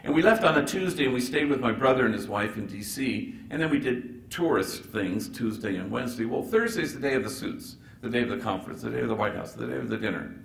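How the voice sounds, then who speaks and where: A man, a priest, giving a keynote address as an animated storyteller who acts out the dialogue and drops playful asides. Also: mid-range voice, fast, gravelly, few pauses. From Los Angeles. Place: large event hall. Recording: echoey hall recording with faint noise.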